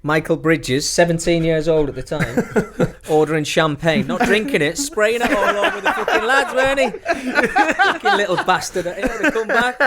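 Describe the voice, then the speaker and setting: A man's voice: high voice, lively intonation, normal speed, background noise. A middle-aged man, a former footballer telling profane stories in casual chat and laughing through them. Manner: profane, laughing anecdote-teller. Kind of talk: casual storytelling.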